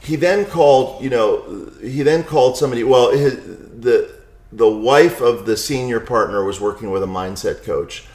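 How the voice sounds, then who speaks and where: A man's voice: mid-range voice, moderate pace, a little mellow. A middle-aged man being interviewed as a guest, chatting casually and telling anecdotes with frequent asides to his listener. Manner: storytelling with many "you know" and "right?" asides. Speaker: podcast guest, author and lawyer. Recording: roomy echo.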